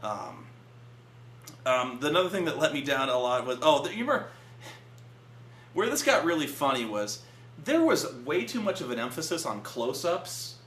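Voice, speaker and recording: A man reviewing a film in casual chat at a friend's house, animated and profane, stammering through restarts. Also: on the high side, moderate pace, pauses often. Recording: echoey room with faint hum.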